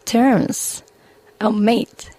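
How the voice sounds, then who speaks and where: A woman's voice: mid-range voice, steady tone, very slow, dark tone, dry recording. Chatty young woman, Chilean Spanish accent. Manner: chatty, many "like" fillers. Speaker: musician guest. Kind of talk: casual interview chat.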